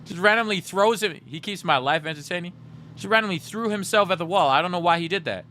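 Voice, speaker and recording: A young man hosting a livestream, chatting casually and teasing his viewers in a joking, animated way. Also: sits high, fast, slight background noise. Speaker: livestream host.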